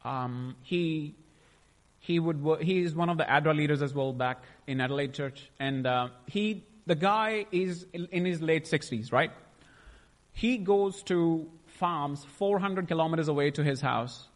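A man's voice: on the high side, unhurried. Young man, faith testimony, emotional, rambling, reverberant room. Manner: emotional, rambling, restarts often. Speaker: testimony speaker.

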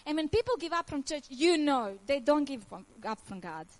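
A woman's voice: sits high, animated, normal speed, poor audio. A woman in her thirties from Croatia with a Croatian accent, telling her personal faith testimony in earnest, emotional English with frequent laughs. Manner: earnest, emotional, laughs often, nonnative grammar. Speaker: testimony speaker.

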